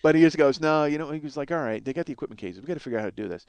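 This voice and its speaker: A man's voice: a little high, very fast, a little mellow, smooth, no room sound. A man telling a rambling, profane story as a podcast host, acting out what others said. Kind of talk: casual storytelling monologue.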